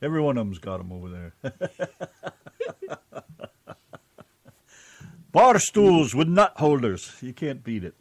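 An American man co-hosts a casual online radio show, full of crude, joking banter. His voice sits mid-range but swings widely in pitch as he riffs and teases. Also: sing-song, takes it slowly, pauses often, dry recording.

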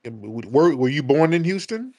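A man hosting a call-in radio show, calmly cutting in and drawing out his questions. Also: a little high, measured pace, no room sound. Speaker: radio host.

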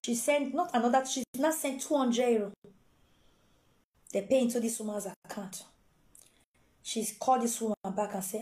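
A Nigerian woman telling a gossip story in an animated, exclaiming way and acting out the quotes. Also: a little high, moderate pace, long pauses, reverberant. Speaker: gossip vlogger.

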